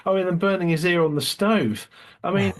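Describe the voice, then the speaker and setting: A man co-hosting a casual film podcast, talking hesitantly with many fillers and quick agreements. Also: sits high, a bit bright, slight background noise. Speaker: podcast co-host.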